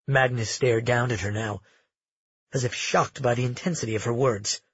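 A man narrating a romance audiobook in a measured, intimate storytelling manner. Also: medium pitch, steady tone, slightly rough, no echo, lo-fi sound.

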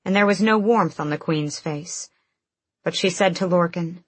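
A woman narrating a fantasy audiobook in a measured, even manner. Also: on the low side, breathy edge, no room sound.

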